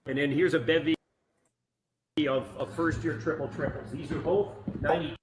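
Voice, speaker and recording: A man's voice: a little high, fairly even intonation, moderate pace, a crowd in the background. A male snowmobile collector giving an enthusiastic, casual tour of his sleds, explaining each one as he goes. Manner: enthusiastic, explanatory, laughs easily. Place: pole barn. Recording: echoey barn with faint background noise.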